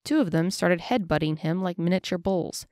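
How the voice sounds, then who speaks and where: A woman narrating a fantasy audiobook in a steady, measured way. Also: lowish voice, no room sound, clean studio sound.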